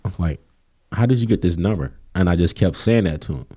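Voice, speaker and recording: A man with a low-sitting voice and a fairly quick pace coaches college sports and comes from Kenosha, Wisconsin. In a casual interview, he tells animated stories, raising his voice to act out what other people said.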